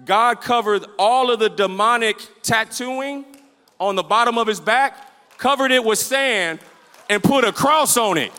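A male pastor preaching a sermon in an animated, repetitive style, calling out to the room and acting out his stories. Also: very high-pitched, measured pace, smooth. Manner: storytelling, acts out the scenes he describes. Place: church sanctuary with a livestream. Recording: echoey church hall.

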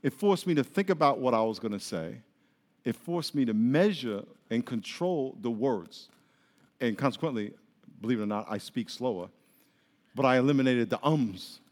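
A man preaching a sermon as pastor, lively, often acting out quoted voices. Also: mid-range voice, normal speed. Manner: animated, acts out quoted voices. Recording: long reverb of a large hall.

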